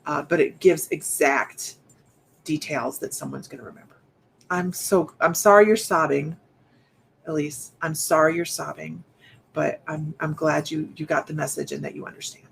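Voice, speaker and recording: A woman giving a live-streamed psychic reading, speaking softly and haltingly with many restarts, straight to her viewers. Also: sits low, fairly even intonation, vocal fry, slight background noise. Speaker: psychic medium.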